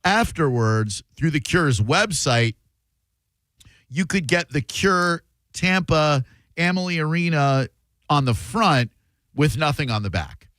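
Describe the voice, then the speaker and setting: A man's voice: fairly high pitch, lively intonation, slow, fairly bright tone, no echo. A man hosting a radio show, chatting casually with callers in a sarcastic, playfully mock-indignant way. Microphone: studio microphone.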